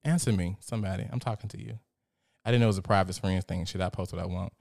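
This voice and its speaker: A young man hosts a casual live stream, talking in an animated, profane way and reading out viewer comments. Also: low voice, quick pace, creaky. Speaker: host.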